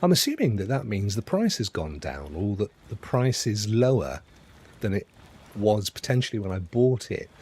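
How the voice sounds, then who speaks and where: A man's voice: fairly low pitch, warm tone, husky. Chatty man commenting on a game. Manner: chatty, rambling, self-correcting. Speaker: gaming streamer host. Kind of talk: casual gameplay commentary.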